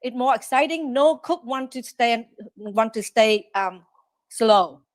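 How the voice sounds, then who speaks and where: A woman running a restaurant, a guest on a podcast interview, talking in an animated way and often acting out quick quotes. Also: on the high side, no echo. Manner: animated, quotes herself and staff in lively asides.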